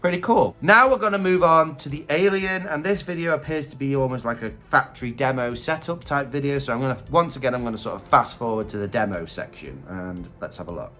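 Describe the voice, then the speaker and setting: A man's voice: mid-range voice, fairly quick, hardly any pauses, bright, forceful tone, soft background music. A man giving casual reaction commentary on Halloween props, chatty and candid, thinking aloud. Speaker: Halloween prop reviewer.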